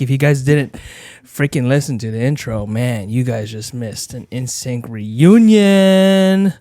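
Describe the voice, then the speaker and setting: A man's voice: mid-range voice, lively intonation, unhurried, few pauses, darkish tone, dry recording, studio quality. Playful man joking on a podcast. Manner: playful, jokey, breaks into singing and silly voices. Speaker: podcast co-host. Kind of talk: casual chat. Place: home living room.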